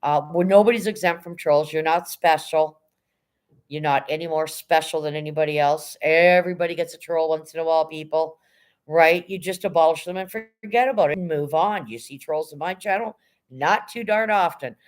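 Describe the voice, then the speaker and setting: A middle-aged woman chatting casually on a livestream, greeting her chat and speaking bluntly. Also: low voice. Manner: blunt, no-nonsense. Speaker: live streamer greeting chat.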